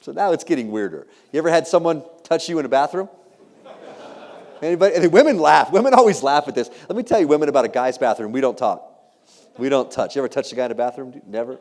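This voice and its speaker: A man's voice: medium pitch, quick pace. 30s guy doing a funny keynote, bouncy up-and-down voice, self-deprecating, long hall echo. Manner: animated, self-deprecating, teasing the audience with questions. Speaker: keynote speaker. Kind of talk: humorous storytelling keynote. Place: large hall. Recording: long reverb of a large hall.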